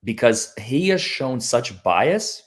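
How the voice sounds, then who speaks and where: A man's voice: medium pitch, sing-song, slow. A man, a lawyer appearing as a guest on a livestream, talking earnestly and rambling with many restarts. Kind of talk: casual livestream chat.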